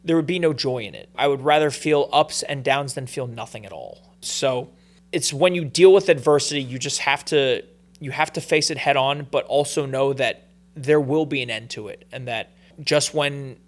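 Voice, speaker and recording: A man, a pro fighter as a guest, telling stories in a relaxed podcast interview with plenty of fillers and restarts. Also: mid-range voice, normal speed.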